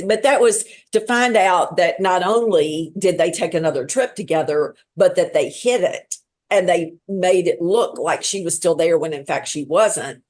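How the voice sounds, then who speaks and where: A woman author talking as a guest on a podcast, telling stories in a lively, chatty way with quick asides. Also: fairly low pitch. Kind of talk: casual podcast chat.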